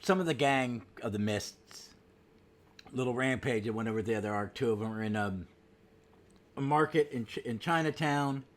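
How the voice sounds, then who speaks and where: A man's voice: mid-range voice, normal speed. A man hosting a casual comic book podcast, chatty, with frequent ums and restarts. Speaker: podcast host.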